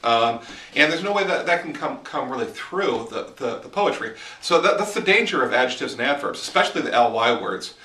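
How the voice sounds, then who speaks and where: A man's voice: medium pitch, lively intonation, a little fast, sharp tone, roomy sound, far from the mic. A man teaching writing in a casual, explanatory monologue while walking outdoors in the woods, filming on a handheld camera. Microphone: handheld camera mic.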